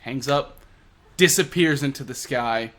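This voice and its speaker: A man's voice: medium pitch, unhurried, a bit bright. A man giving a casual, enthusiastic review of a comic chapter, retelling scenes. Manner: enthusiastic, retelling with acted quotes. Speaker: manga reviewer.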